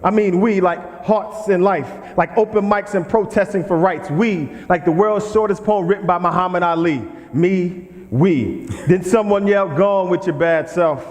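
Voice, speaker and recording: A man's voice: high voice, moderate pace, few pauses, darkish tone. A man performing spoken-word poetry within a sermon, rhythmic and playful, drawing the congregation into call-and-response. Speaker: guest poet and preacher. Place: church sanctuary. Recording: reverberant sanctuary.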